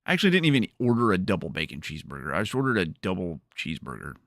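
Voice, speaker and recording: A man's voice: sits low, wildly swooping pitch, racing, vocal fry, a bit bright, no echo, clean studio sound. A man hosting a livestream, chatting casually and rambling with jokes to his viewers. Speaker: streamer host.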